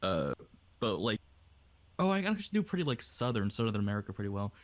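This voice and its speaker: A fairly low male voice that swoops up and down a lot as he jokes around, crude and quick with a wisecrack. He is talking casually in a group podcast over a voice call. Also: very animated. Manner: joking, crude, mock ad reads. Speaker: podcast guest voice actor.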